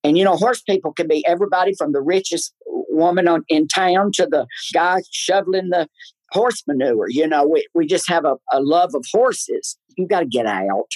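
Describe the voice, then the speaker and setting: A man, a guest on a talk show, telling stories in an animated, theatrical way. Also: normal speed, dry recording, low-quality recording. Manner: lively, theatrical, swoops up high in his laughs. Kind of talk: animated storytelling in a chat show.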